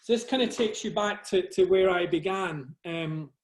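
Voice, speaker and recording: A middle-aged man from Scotland with a soft Scottish accent, giving a modest, conversational talk about his photography over a video call. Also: high-pitched, moderate pace. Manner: modest, conversational, self-deprecating. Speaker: guest speaker, photographer.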